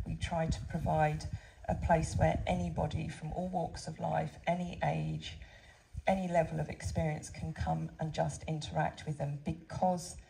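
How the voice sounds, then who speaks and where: A woman's voice: sits low, vocal fry, dark tone, low-quality recording. A middle-aged woman running a horse sanctuary, talking heartfelt and informally to visitors outdoors at a farm. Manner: heartfelt, conversational, many "you know" fillers. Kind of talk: informal talk to visiting crowd.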